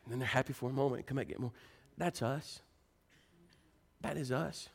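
A man's voice: a little fast, gravelly, slightly rough. Preacher man delivering a sermon. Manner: animated, rising to high excited pitch when telling stories.

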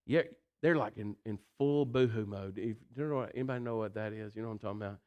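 This preacher's voice is on the low side and he talks fast, with the highs cut off in the recording. His sermon is folksy and animated, moving between loud emphasis and quiet intensity, with frequent "listen" and "you know."

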